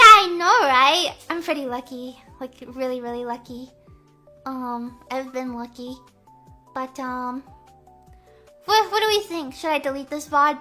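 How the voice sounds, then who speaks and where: High, bright-voiced young woman rambling. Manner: rambling, filler-heavy, Valley-girl talk; stammering, repeating phrases. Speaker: VTuber streamer. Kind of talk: casual livestream chat.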